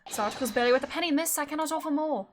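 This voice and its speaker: A woman's voice: high-pitched, rapid-fire, slight background noise, close to an everyday voice. A woman voicing a precise, stubborn older male pawnbroker in a video game, speaking formally. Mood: firm. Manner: formal, clipped pronouncements.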